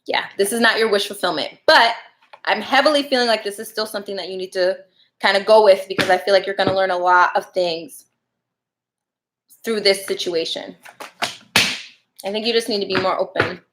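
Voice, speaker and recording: A woman's voice: mid-range voice, steady tone, brisk, pauses often, background noise. A woman giving casual live tarot readings, chatty and laughing often as she talks to viewers. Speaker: tarot reader.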